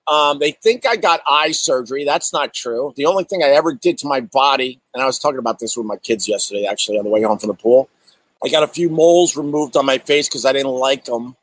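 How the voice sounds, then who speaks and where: A middle-aged man, a comedian, telling casual stories outdoors in an animated, profane way and answering viewer chat. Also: mid-range voice, fast, no echo, low-quality recording. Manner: animated, profane, acts out exaggerated quotes. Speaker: comedian host. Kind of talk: casual storytelling monologue. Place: outdoors in bright sun.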